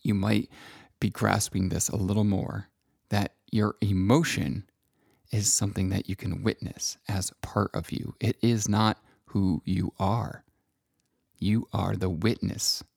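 A middle-aged man talks in a slow, contemplative monologue, pausing often as he reflects. His low voice carries a gravelly fry. The sound is dry and close, with no room around it. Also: level tone, dry recording. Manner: slow, gentle and contemplative, with long pauses. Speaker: self-help speaker.

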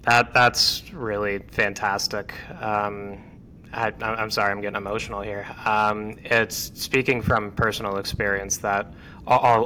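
A young male podcast host with a low, bright and forceful voice, stumbling over his words as he asks heartfelt questions. A faint hiss sits under the recording. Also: low-quality recording. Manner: stammering, heartfelt. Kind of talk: interview hosting.

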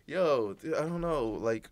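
A man's voice: medium pitch, expressive, slow, dry recording. A young man co-hosting a podcast in casual chat, loose and profane, joking and laughing often. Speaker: podcast co-host.

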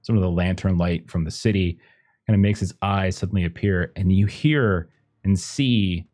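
A man with a low-pitched, slightly mellow voice runs a tabletop game as game master at a moderate pace. He narrates loosely and hesitantly, with many fillers like "kinda" and "uh."

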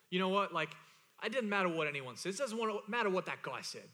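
A man's voice: high-pitched, sing-song, fast, pushed and bright. A man preaching a sermon as pastor, emphatic and repeating key phrases for stress. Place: church hall. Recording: church hall reverb.

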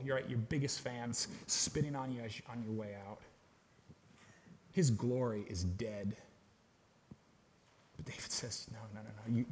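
A man preaching a sermon to a congregation in a casual, conversational way, swinging between loud emphatic bursts and quiet, low asides. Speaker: pastor. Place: church hall with a congregation.

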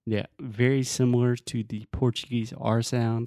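A man's voice: medium pitch, fairly even intonation, a little slow, few pauses, dark tone, dry recording, clean studio sound. A man co-hosting a podcast as an English teacher, patiently explaining words and drilling pronunciation in casual chat.

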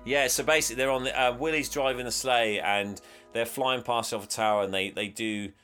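A man casually recapping a film plot as a podcast co-host, animated and laughing often. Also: medium pitch, brisk, smooth, faint music behind. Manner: animated, laughing, acts out quotes. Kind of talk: casual chat.

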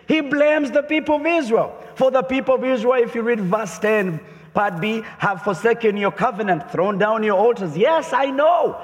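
A man preaching a sermon as pastor, lively and emphatic, often voicing pointed questions. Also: very high voice. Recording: long hall reverb.

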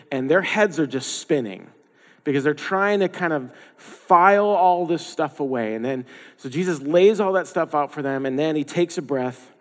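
A man's voice: a little high, in a large hall. A man preaching a sermon as a pastor, conversational and emphatic, repeating phrases for stress.

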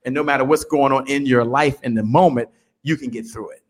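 A man in his fifties, a business guest on an interview show, telling stories in an animated motivational way and often repeating words as he builds up. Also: mid-range voice, a little fast. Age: 50s. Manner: animated storyteller, repeats words when excited.

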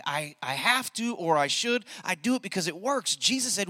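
A middle-aged male pastor preaching a sermon, telling a story and building to loud, emphatic peaks. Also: high voice, expressive, moderate pace, hardly any pauses, no room sound, long reverb tail.

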